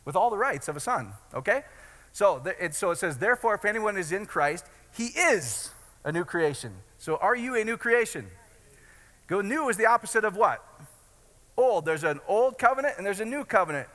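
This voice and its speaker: A man preaching with a high, bright, sharp voice, chatty and joking, then building up to bold declarations. His words ring out through a big hall with a long reverb. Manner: conversational preaching with jokes and rising shouts. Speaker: pastor. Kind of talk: sermon.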